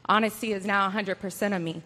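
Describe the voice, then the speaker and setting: A woman delivers a spoken-word poem in an earnest, rhythmic cadence, her voice sitting at an ordinary pitch. The long echo of a big hall trails each line. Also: fairly even intonation, fast, sharp tone. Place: large hall, correctional facility. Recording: echoey hall.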